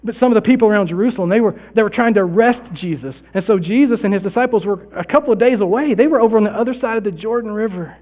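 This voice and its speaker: A pastor performing a first-person dramatic monologue in a sermon, with long pauses, sinking to a hush and then swelling loud. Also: male voice, high-pitched, dull audio. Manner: theatrical storytelling with long pauses, dropping to near-hushed then swelling loud.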